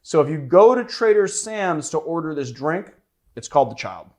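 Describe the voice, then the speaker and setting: A man's voice: fairly high pitch, big pitch swings, normal speed, a little mellow. A man hosting a cocktail show in casual chat, playfully teasing his co-host.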